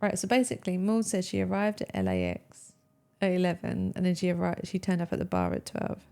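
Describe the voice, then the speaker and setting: A woman streamer guides a murder mystery game in brisk, casual narration. Her voice is low, mellow and gravelly. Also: sing-song. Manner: brisk, organizing, laughs often.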